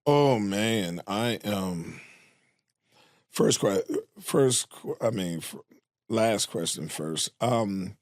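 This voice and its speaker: A man's voice: fairly low pitch, expressive, very slow, no room sound, clean studio sound. A man, a guest comedian, telling stories in casual chat, laid-back and profane, laughing as he talks.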